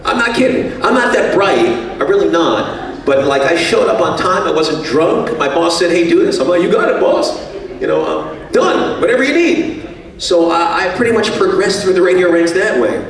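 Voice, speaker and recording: A man speaks at a banquet, telling self-mocking stories with jokes. His voice sits a little high. The sound reaches the mic from across the room and rings in a heavily echoing hall. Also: expressive, moderate pace, recorded from a distance. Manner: self-mocking, jokey storytelling. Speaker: banquet speaker, radio executive. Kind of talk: after-dinner speech with anecdotes. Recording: echoey hall, voice from afar.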